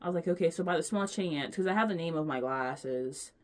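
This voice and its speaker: Young woman vlogger, low voice, rambling, chatty, affectionate. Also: brisk. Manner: rambling, chatty, lots of fillers and restarts; gushing, affectionate. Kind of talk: casual chat.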